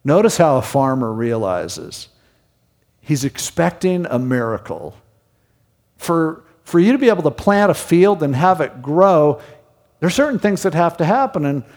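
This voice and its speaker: A man's voice: on the high side, a little mellow. A man preaching a Bible-teaching sermon in a conversational way, often asking rhetorical questions. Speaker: pastor. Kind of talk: expository sermon. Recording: long hall reverb.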